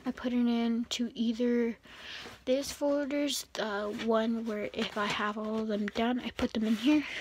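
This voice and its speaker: A woman's voice: on the high side, low-quality recording. A woman vlogger chatting casually as she shows her things, rambling with self-corrections and often slipping into a whisper. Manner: drifts in and out of whispering. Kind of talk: casual closet tour chat. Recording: home recording with steady background noise.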